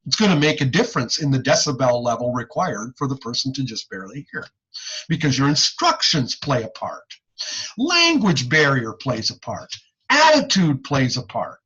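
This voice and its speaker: Lively husky male lecturer. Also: mid-range voice, normal speed, dull audio. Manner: animated, folksy teaching with frequent "okay?" checks. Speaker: audiology lecturer. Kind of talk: recorded online lecture.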